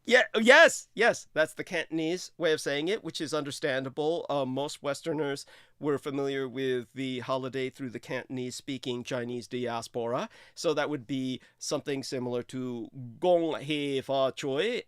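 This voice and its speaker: Man, livestream host, effusive, halting fillers, smooth resonant voice, dry sound. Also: a bit bright, no room sound. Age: 30s. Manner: effusive, hesitant with fillers, sudden high exclamations. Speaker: show host. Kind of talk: casual livestream talk.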